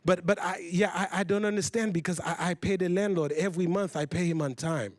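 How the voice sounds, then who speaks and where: A man voicing his immigrant mother, speaking in halting phrases with a strong accent, repeating words under stress. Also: a little high, lively intonation, no room sound, clean studio sound, close to an everyday voice. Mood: worried.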